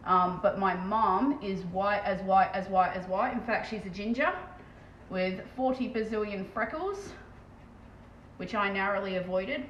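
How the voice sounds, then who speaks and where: A woman with an Australian accent chatting fast and casually on a live stream as she paints terrain, swearing freely. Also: medium pitch, a bit bright, muffled recording. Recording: echoey room with faint background noise.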